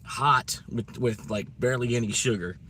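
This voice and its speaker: A man's voice: medium pitch, normal speed, bright, forceful tone, slight background noise. A man chatting casually on a live stream, rambling in a laid-back way.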